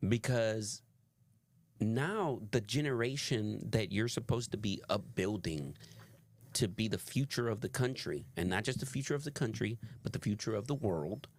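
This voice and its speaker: A man with a somewhat low voice gives heated, casual commentary on a reaction video. He speaks emphatically and swears freely. The sound is dry and close. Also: expressive, normal speed, dry recording.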